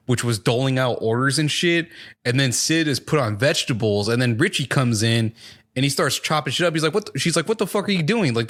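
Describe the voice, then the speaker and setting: A man in a casual podcast chat, walking through a TV episode's plot at an easy, rambling clip. He swears freely and leans on fillers, at an ordinary middle pitch for a man. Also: fairly bright tone. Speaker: podcast co-host reviewing a TV show.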